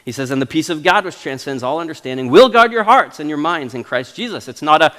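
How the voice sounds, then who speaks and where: A Canadian man in his thirties delivers a sermon in a chatty, animated way, often restarting his sentences. His voice sits a little high for a man. The sound carries the long reverb of a church hall. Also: quick pace, few pauses. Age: 30s. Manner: animated, conversational preaching with restarts. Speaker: pastor. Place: church sanctuary.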